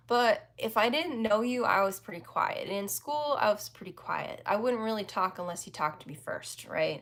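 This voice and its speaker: A woman's voice: medium pitch, fairly bright tone. A woman in her forties hosting a livestream, telling a story in a chatty way, laughing often and talking with plenty of fillers. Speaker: livestream host.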